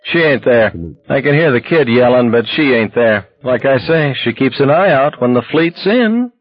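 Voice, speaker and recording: A man's voice: medium pitch, lively intonation, fairly quick, dull audio, a little hiss or hum, voice pushed up, lightly acted. A man voicing a sly, insinuating tenement neighbor who gossips over the phone. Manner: sly, giggling, drawling.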